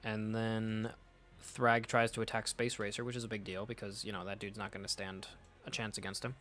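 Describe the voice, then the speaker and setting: A man's voice: on the low side, level tone, brisk, a bit bright, faint music behind. A man casually reading through a comic and reacting, rambling, swearing freely and laughing often. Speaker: comic reader, channel host.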